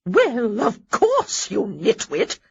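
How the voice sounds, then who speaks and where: A woman puts on a bossy old aristocratic lady who barks every line, pitched higher and louder than the narration. Her voice is breathy and slow, with a dull lo-fi sound, as if read for a storybook audiobook. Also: huge pitch swings, heavily acted. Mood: scornful. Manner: barking, grand pronouncements. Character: imperious elderly lady, grand and bossy.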